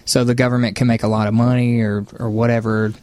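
A man's voice: mid-range voice, level tone, quick pace, a little mellow, slight background noise. A man co-hosting a casual chat show, dry and sarcastic as he explains things. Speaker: podcast co-host.

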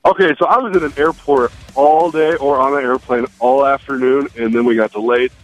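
A man's voice: mid-range voice, steady tone, fairly quick, highs cut off, faint music behind. A male caller chatting on a radio show, eager and stammering with repeated words. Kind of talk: call-in chat.

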